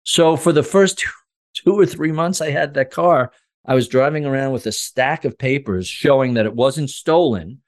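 A middle-aged man tells stories in a relaxed podcast conversation. He acts out the conversations with energy and has a voice of ordinary pitch for a man. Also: moderate pace. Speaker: podcast guest. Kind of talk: casual storytelling.

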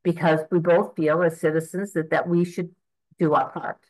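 A woman's voice: fairly low pitch, level tone, moderate pace, darkish tone, rough recording. Earnest woman in her eighties praying. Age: 80s. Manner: earnest, reflective, speaks to God directly. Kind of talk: spoken prayer and spiritual reflection.

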